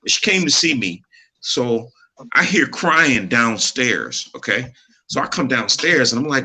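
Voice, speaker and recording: A man's voice: medium pitch, sing-song, normal speed, sharp tone, slightly rough. A middle-aged man telling a personal story in casual chat, earnest and preachy, laughing easily. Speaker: podcast co-host.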